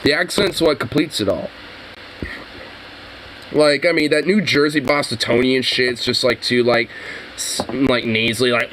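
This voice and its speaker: A man's voice: medium pitch, steady tone, moderate pace, fairly bright tone, a little hiss or hum, low-quality recording. A man on a casual commentary show, rambling and swearing as he riffs with his co-host. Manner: profane, rambling, laughing often. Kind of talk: casual political commentary chat.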